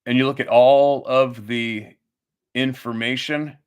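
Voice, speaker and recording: A man's voice: medium pitch, little pitch movement, slow, smooth. Heated ranting man. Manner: heated, profane, repetitive ranting; restarts and rhetorical "right?". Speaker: channel host. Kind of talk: angry monologue to camera.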